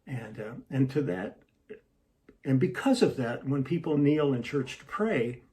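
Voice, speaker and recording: A musician hosting a casual home livestream, rambling and breaking off mid-thought before telling a joke. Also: male voice, medium pitch, expressive, unhurried, warm tone. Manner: rambling, self-interrupting storyteller. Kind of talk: casual chat to camera.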